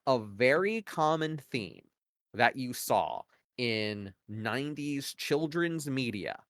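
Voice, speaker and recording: Casual male podcast co-host, mid-pitch, dry close sound, opinionated and rambling. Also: lively intonation, slow, a bit bright, dry recording. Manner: rambling, heavy use of "like" and "you know" fillers; opinionated, argues points at length. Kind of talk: casual conversational analysis.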